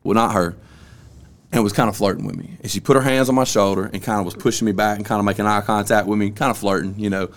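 A man's voice: lowish voice, fairly even intonation, fast talker. A young man on a casual podcast, telling stories from his school days in loose, slangy talk with plenty of cussing. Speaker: podcast host.

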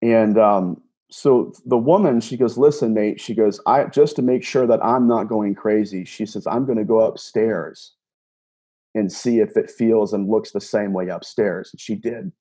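Husky low-voiced man telling a story. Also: unhurried. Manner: animated retelling, frequent restarts and repeated words. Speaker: guest, paranormal investigator. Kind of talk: storytelling interview.

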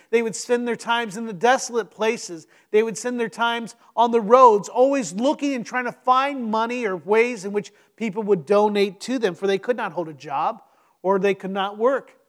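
A man preaching a sermon in an earnest, emphatic way, slowing down and pausing for effect. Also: very high-pitched. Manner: earnest, slow emphatic delivery with dramatic pauses.

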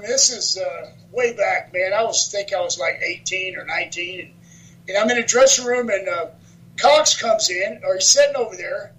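Animated high-voiced storytelling man. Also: low-quality recording. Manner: animated storyteller, laughs often, swears freely. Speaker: wrestler and author, guest. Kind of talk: casual storytelling interview.

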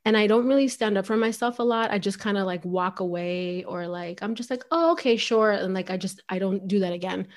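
A woman's voice: mid-range voice, fairly even intonation, fairly quick, hardly any pauses. A woman chatting as a podcast guest, rambling and filling her talk with "like". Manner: rambling, heavy use of filler "like". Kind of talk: casual chat.

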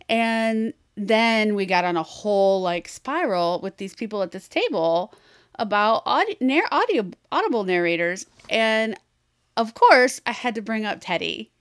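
A woman's voice: fairly high pitch, a little slow, clear, resonant tone, no room sound. Bawdy American woman, podcast co-host, dry close sound, laughs through stories. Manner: bawdy, laughing, animated storytelling. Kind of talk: casual chat.

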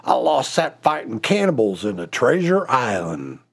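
A man's voice: medium pitch, very animated, normal speed, husky, pitched below the performer's own voice. A man voicing a grizzled old male pirate who growls "arr" before he answers, in a told joke. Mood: gruff.

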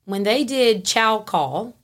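Woman, podcast guest, casual storytelling, frank, animated. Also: on the high side, takes it slowly. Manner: animated, frank, laughs easily.

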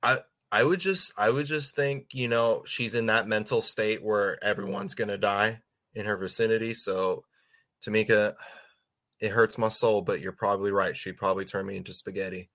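A man's voice: fairly low pitch, steady tone, moderate pace, a bit bright. A man in casual podcast chat, rambling and stumbling over his words with frequent laughs.

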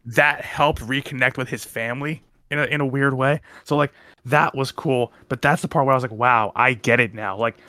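A man's voice: medium pitch, steady tone, moderate pace, pushed and bright. A young man co-hosting a casual podcast chat, rambling and restarting his sentences often. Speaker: podcast co-host.

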